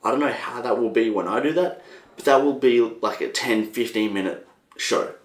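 A young Australian man hosting a casual solo podcast, rambling and animated, swearing freely. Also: medium pitch, moderate pace, roomy sound. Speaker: podcast host.

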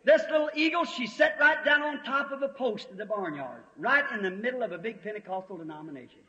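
A man preaching a fiery revival sermon in folksy, storytelling words, swelling to shouts. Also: sits high, animated, quick pace. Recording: old lo-fi tape, long hall reverb.

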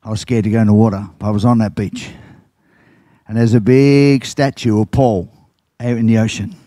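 A man's voice: fairly even intonation, normal speed, dark tone, no echo. An older man, a pastor preaching a sermon and telling stories, acting out quoted lines. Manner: storytelling, acts out quotes with big pitch jumps.

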